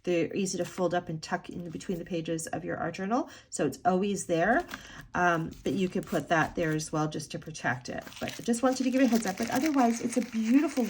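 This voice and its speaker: A woman's voice: lowish voice, a little fast, darkish tone, a little hiss or hum. A woman talking casually and chattily as she flips through a handmade art journal, with a sing-song lilt and many ums. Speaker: art journal maker showing her work. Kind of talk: casual flip-through commentary.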